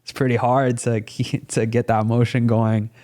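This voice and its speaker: This young man's voice is medium-pitched and mellow, moderately paced with little pitch movement. As a guest on a podcast, he recounts a personal story in a casual, earnest, rambling way, full of fillers and some swearing.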